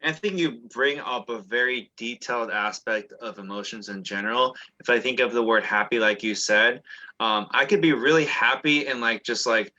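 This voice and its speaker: A man talking in a chatty, animated way as co-host of a casual discussion. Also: medium pitch, moderate pace. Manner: animated, chatty, many fillers and restarts. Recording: dull lo-fi sound.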